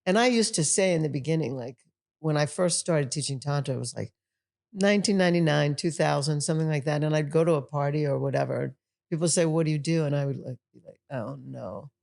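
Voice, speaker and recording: An older woman, a tantra teacher and podcast guest, telling stories in an animated way and acting out the voices of people she quotes. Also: low voice, fast talker, creaky. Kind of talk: casual podcast conversation.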